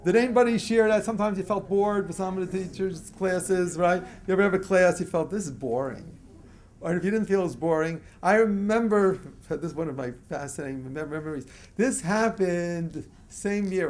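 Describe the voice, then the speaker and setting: An older man from Baltimore, a rabbi lecturing to a live audience as an animated storyteller who chuckles often and gets the crowd to join in. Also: sits high. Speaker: rabbi giving a talk.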